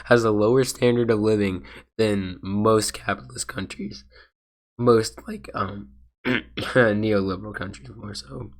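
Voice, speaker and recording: A man's voice: lowish voice, a little slow. A man who is sick and losing his voice, streaming and reacting to a video with rambling, hesitant casual commentary. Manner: rambling, hesitant, full of restarts.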